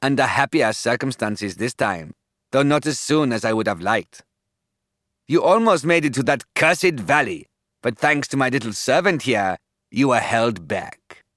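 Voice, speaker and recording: A man reads a storybook villain, a menacing giant male serpent who is cruel and gloating. He uses a slow, taunting hiss in a medium-pitched, expressive, slightly bright voice, recorded dry and close.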